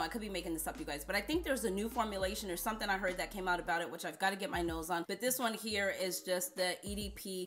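A woman's voice: medium pitch, fairly bright tone. A woman vlogger telling chatty, playful stories straight to her viewers. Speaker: beauty vlogger. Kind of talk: casual storytelling vlog.

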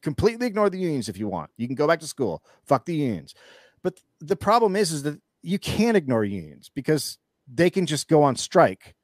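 A man's voice: fairly high pitch, big pitch swings, brisk, no room sound, clean studio sound. A man speaking as an interview guest in casual chat, ranting with anger and profanity and telling stories animatedly, with frequent restarts.

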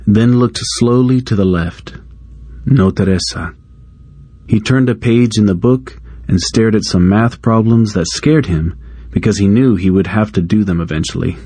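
A man reading a short story aloud as narrator, in an even storytelling manner. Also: on the low side, slightly rough, dry recording.

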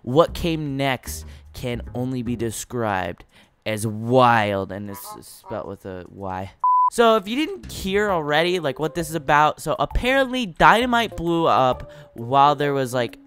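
Young male game commentator. Excitable and rambling, with a lively, swooping pitch and faint music underneath. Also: moderate pace. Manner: excitable, rambling, stumbles over words. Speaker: gaming video creator.

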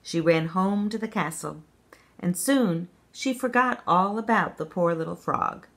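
Female storyteller for a children's read-aloud, lower voice, gentle and measured.

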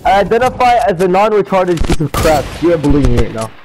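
A high, bouncy male voice that swings all over its range, pleading and teasing his teammates in casual gaming chat. He gets jokingly bossy. Clear game gunfire and clicks sound behind him. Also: big pitch swings, quick pace, background noise. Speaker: gamer playing with friends.

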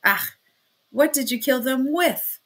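A woman's voice: high voice, takes it slowly, a bit bright, pitched above the performer's own voice, exaggerated voice. A woman reading as a flustered male magistrate. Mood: pressing. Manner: exclaiming, agitated questions.

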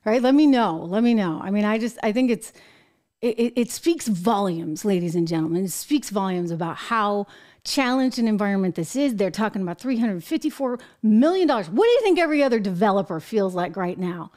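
An American woman hosting a political commentary show, talking in an emphatic, animated way with exasperated asides. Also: medium pitch, fairly quick. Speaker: show host.

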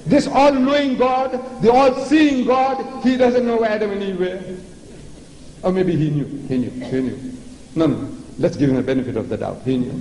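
A man's voice: a little high, brisk, pauses often, mellow. Older South African man lecturing in an echoey hall. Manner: theatrical, mocking, repeats words for effect. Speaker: religious lecturer. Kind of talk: public lecture to an audience. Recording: echoey hall with long reverb, faint noise.

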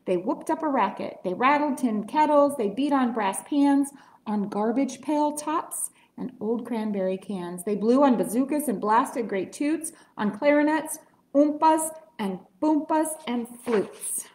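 A woman reading a picture book aloud at story time in a library, playful and animated. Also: high-pitched, a little slow. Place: library room. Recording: echoey library room.

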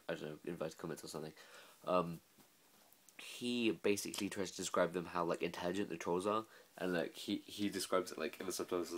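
A tired man up late, talking in a rambling, filler-heavy, self-mocking way in a casual vlog. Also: low voice. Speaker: vlogger.

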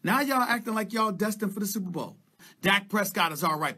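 High-pitched, piercing ranting sports commentator man. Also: expressive, brisk. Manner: loud, emphatic, repeats phrases for punch. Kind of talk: heated sports-TV rant.

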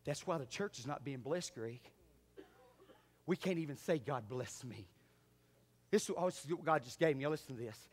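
A man's voice: expressive, normal speed, long pauses. A man preaching a sermon in church, fervent and calling out to his congregation. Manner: fervent preaching that swings from loud exhortation to low asides. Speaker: pastor. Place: church sanctuary.

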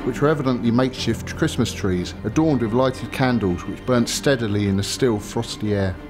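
An actor reading the memoir of a British First World War soldier in a measured, reflective way for a documentary. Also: male voice, mid-range voice, close to an everyday voice. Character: British WWI soldier recalling the front. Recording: music under the voice.

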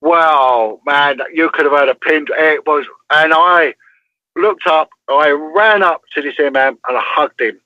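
A man's voice: on the high side, measured pace, no room sound, highs cut off. An English man, a former police detective, telling a story as an interview guest in an emphatic way, often checking in with "right?".

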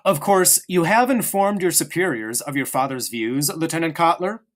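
A man voicing a stern middle-aged army commandant who questions a young officer with slow, pointed pauses. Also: a little high, animated, pitched above the performer's own voice, lightly acted. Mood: probing, menacing. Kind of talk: audiobook character reading.

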